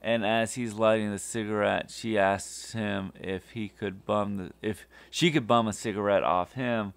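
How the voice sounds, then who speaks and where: Male podcast host, low gravelly voice, unhurried, halting casual recap. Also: fairly even intonation, no echo. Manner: halting, many fillers and restarts.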